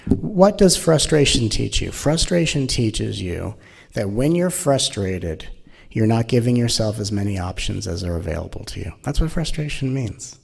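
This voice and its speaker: A man's voice: lowish voice, sing-song, moderate pace, vocal fry, darkish tone, husky. A man giving a spiritual teaching talk in a playful, rhetorical way, with many questions to his listeners. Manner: playful and rhetorical, acting out mock inner voices.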